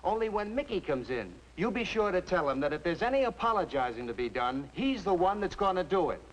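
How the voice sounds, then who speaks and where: A man's voice: sits high, sing-song, fairly quick, slight background noise, low-quality recording. An actor playing a defiant, sarcastic young man in a 1950s TV sitcom. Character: cocky young man, stubborn rival pal.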